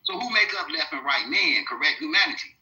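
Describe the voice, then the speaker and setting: A high-voiced man argues combatively, firing the same pointed questions again and again. His tone is sharp and bright. An echoey room surrounds him. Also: big pitch swings, fairly quick. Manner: combative, repetitive, preachy questions. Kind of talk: heated live debate.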